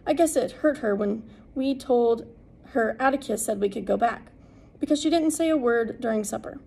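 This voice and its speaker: A woman narrating an audiobook in a steady, unhurried reading. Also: fairly high pitch, vocal fry, husky, low-quality recording. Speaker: audiobook reader.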